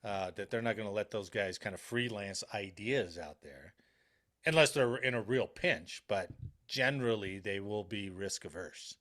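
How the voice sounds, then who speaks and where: A man's voice: fairly low pitch, moderate pace. A man co-hosting a casual podcast chat, telling stories and acting out the voices of people he quotes. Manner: animated storyteller, acts out quoted voices. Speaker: podcast co-host.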